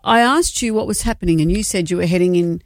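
A woman's voice: fairly low pitch, fast, no room sound. Dry, teasing woman co-host. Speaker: radio co-host. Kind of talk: casual radio banter.

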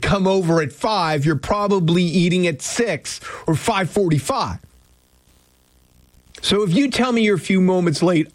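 A man's voice: high-pitched, no echo. Rambling male radio host. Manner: rambling, self-interrupting, joking. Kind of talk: casual morning radio chat. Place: radio studio. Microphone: studio microphone.

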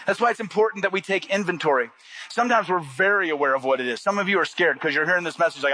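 A man's voice: expressive, rapid-fire. Earnest male pastor preaching. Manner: earnest preaching, drops low and soft on scripture, rises when acting out quotes. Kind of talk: sermon.

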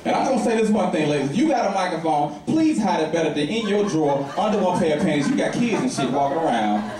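Animated stand-up man in echoey club. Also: fast talker, faint music behind. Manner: animated, jumps to high squeals acting out moments. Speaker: stand-up comedian. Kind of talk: stand-up storytelling. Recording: echoey live club recording from far off, loud crowd.

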